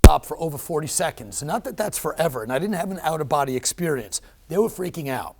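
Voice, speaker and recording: A middle-aged man tells his own story as a guest in an interview. His voice sits a little high for a man. He talks with animated emphasis and fills the gaps with ums and restarts. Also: fast, vocal fry. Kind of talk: personal storytelling in a conversation.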